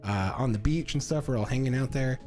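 A young man chatting on a podcast, telling stories with animated energy and loose profanity. His voice sits in an ordinary middle pitch. Faint music plays underneath. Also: fairly quick. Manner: animated, swears freely, storytelling. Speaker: podcast co-host. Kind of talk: casual chat.

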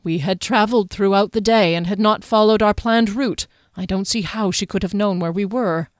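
A woman's voice: medium pitch, normal speed, no room sound, clean studio sound, natural voice. A woman voicing a young male captain, earnest and frustrated, speaking with strained intensity. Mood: dutiful.

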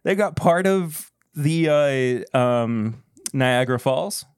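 A man's voice: mid-range voice, expressive, clean tone, dry recording. A man talks through a whiskey tasting in loose, joking banter, his voice rising and falling a lot as he rambles. The sound is dry and close, with no room around it. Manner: joking, rambling, quick to laugh. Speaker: co-host of a whiskey tasting show. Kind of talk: casual chat.

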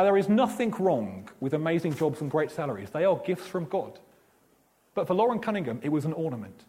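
A man with a fairly high-pitched voice delivers a sermon, telling stories in an animated way and acting out the dialogue.

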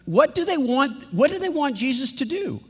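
A man preaching a sermon in a lively, animated way, often acting out what others say. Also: extremely high pitch, normal speed, big-room sound. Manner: animated, acts out quotes in playful voices.

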